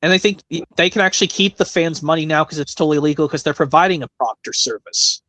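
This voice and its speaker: A man hosting a casual impressions stream, rambling with restarts and quick bursts of talk. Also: fairly high pitch, bright, forceful tone, no echo. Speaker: stream host doing voice impressions.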